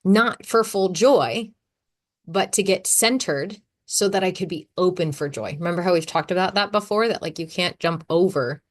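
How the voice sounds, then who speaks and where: A woman in her thirties hosting a casual solo podcast, talking in a chatty, animated way and laughing often. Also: fairly low pitch, normal speed. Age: 30s. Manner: chatty, animated, acts out her own quotes. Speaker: podcast host.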